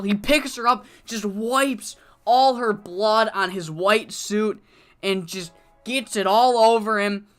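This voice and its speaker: A man streaming a wrestling management game, recapping the show in a rambling, animated, swearing way. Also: sits high, clean tone. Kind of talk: casual recap of a wrestling sim.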